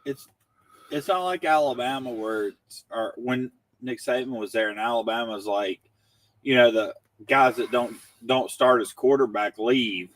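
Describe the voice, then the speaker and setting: A man co-hosting a casual late-night chat, matter-of-fact with quick asides. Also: medium pitch, far from the mic, poor audio. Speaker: co-host.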